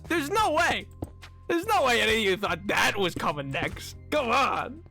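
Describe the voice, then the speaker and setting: Over music, a man streaming a game chats casually with viewers, laughing a lot and stammering over his words. His voice is very high and sing-song, with vocal fry, at a normal speed.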